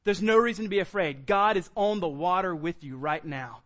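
A man preaching a sermon as pastor, animated, acting out quoted lines with sudden high bursts. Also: normal speed.

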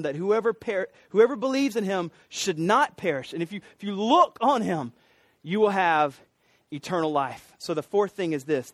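Preacher, male, high-pitched voice, dry close sound; storyteller cadence, builds to emphatic cries. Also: no room sound. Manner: rising to emphatic, preachy cries on repeated phrases. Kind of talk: sermon.

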